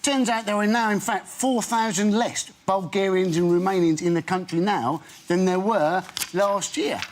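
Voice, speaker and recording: Guy comic on a panel, pretty high voice, dry wry jokes. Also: moderate pace, slight background noise. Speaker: comedian panellist. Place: TV studio.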